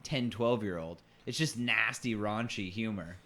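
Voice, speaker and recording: Podcast co-host, man, lowish voice, joking and loose, chatty with fillers. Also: a little slow, gravelly, pushed and bright. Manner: joking, laughs often, lots of fillers. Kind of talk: casual chat.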